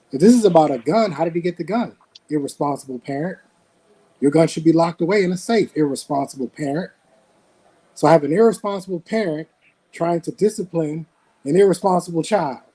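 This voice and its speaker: A man's voice: a little high, mellow, husky, poor audio. A man in his forties giving blunt, emphatic opinions as a panelist in a casual podcast debate.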